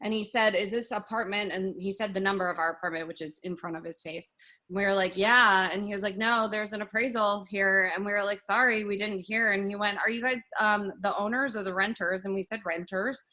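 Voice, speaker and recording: A woman's voice: medium pitch, steady tone, fast talker, sharp tone. A woman in her thirties, a podcast guest, chatting and telling stories in a loose, casual way full of fillers. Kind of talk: casual storytelling.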